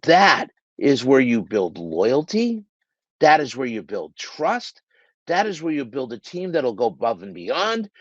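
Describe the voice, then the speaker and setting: A man's voice: mid-range voice, very animated, measured pace, no echo, muffled recording. A man hosting a motivational business talk, earnest and emphatic, repeating key points for stress. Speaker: business coach and podcast host. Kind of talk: motivational talk to shop owners.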